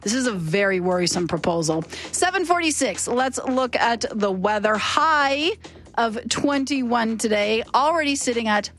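A woman hosting a live morning radio show, animated and outspoken, with a high, youthful-sounding voice. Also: faint music behind. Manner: animated and outspoken, talks fast when worked up. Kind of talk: live radio talk and interview.

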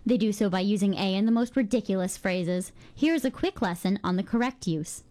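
A Canadian woman hosting a scripted radio feature, reading with a bright, playful delivery. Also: mid-range voice, expressive, fairly quick. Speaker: campus radio host.

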